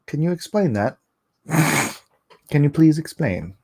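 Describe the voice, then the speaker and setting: A man hosting a casual livestream, chuckling often and reading chat aloud, a little hoarse after coughing. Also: a little high, big pitch swings, slow, a little mellow. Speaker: livestream host.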